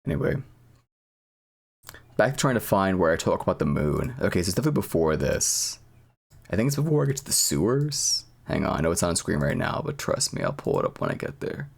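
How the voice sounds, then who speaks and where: A man's voice: low voice, huge pitch swings, fairly quick, gravelly. A man streaming, chatting casually and profanely, rambling and laughing at himself.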